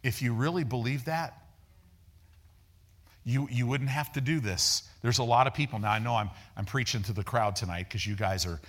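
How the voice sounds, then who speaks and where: A man preaching a sermon in a folksy, animated way, acting out the people in his stories and repeating words as he builds each point. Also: normal speed. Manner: animated, acts out dialogue with raised pitch. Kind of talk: sermon with storytelling.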